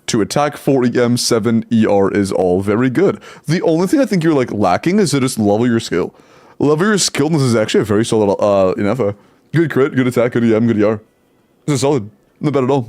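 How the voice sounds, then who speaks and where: A man's voice: medium pitch, a little mellow. A young man live-streaming, chatting casually, rattling off game stats and laughing often.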